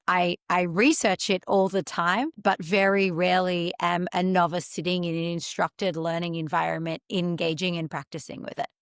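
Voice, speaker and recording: A woman's voice: lowish voice, clear, resonant tone, no echo, clean studio sound. A woman guest on a podcast, speaking in a thoughtful, articulate way about her research. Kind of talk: conversational interview.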